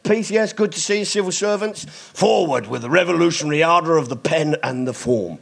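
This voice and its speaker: A man doing stand-up at a live club gig, swearing often, shouting out to the crowd and riffing with hecklers. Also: on the high side, animated, fairly quick, gravelly. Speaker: stand-up comedian. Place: live music club with audience.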